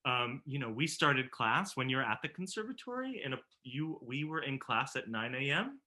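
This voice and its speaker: A man with a bright, forward voice talks casually about his conservatory years. He is animated, laughs easily and trips over his own restarts. He comes through a video call. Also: mid-range voice, normal speed. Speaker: musical theater professor and alumnus. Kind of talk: casual reminiscing conversation.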